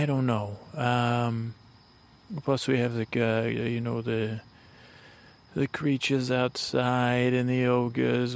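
A man hosting a podcast, telling an improvised bedtime story in a halting, rambling way full of fillers and restarts. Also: medium pitch, creaky. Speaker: podcast host.

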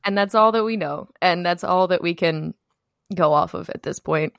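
A woman's voice: fairly low pitch, normal speed, gravelly, dry recording, studio quality. A woman co-hosting a podcast in casual chat, giggly and teasing with playful exasperation. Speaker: podcast co-host.

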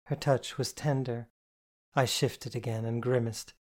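Male audiobook narrator, mid-pitched, measured first-person storytelling. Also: steady tone, darkish tone.

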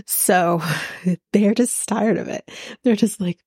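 A woman's voice: medium pitch, takes it slowly, mellow, husky, dry recording, clean studio sound. A woman hosting a podcast who recaps a reality show in a rambling, sarcastic way and swears freely. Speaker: podcast host. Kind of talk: casual chatty reality TV recap.

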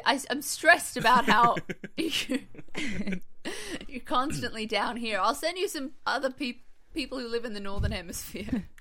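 A woman's voice: fairly high pitch, normal speed, pushed and bright. A woman who is a guest on a podcast, chatting casually and laughing often. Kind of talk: casual group chat.

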